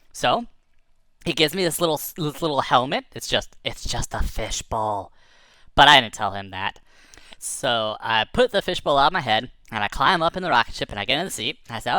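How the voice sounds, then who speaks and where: A man's voice: mid-range voice, animated, normal speed, sharp tone, no echo. A man telling an improvised children's story in a chatty, playful way, with sound effects and dialogue between characters.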